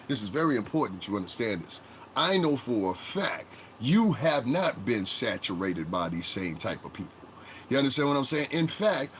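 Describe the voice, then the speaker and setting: A man's voice: medium pitch, fairly bright tone, slight background noise. A man hosting a casual live-stream commentary, rambling conversationally and greeting chat viewers as he talks. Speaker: livestream commentary host.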